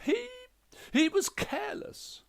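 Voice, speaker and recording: A man's voice: very high-pitched, animated, slow pace, vocal fry, voice pushed up, full character voice. A man voicing a furious, haughty ghost widow who snaps imperiously. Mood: indignant. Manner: imperious, snapping.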